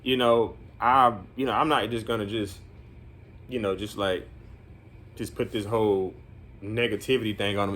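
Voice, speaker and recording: A man's voice: lowish voice, normal speed, fairly bright tone. A man working as a group home counselor, telling a story in casual vlog talk, rambling with many fillers and earnest, encouraging asides.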